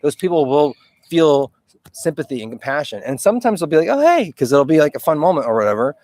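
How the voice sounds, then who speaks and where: A man's voice: a little high, animated, fast, a little mellow, no echo. A man talking through a rambling personal video diary, agitated and swearing, often quoting his own thoughts aloud. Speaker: video journal keeper.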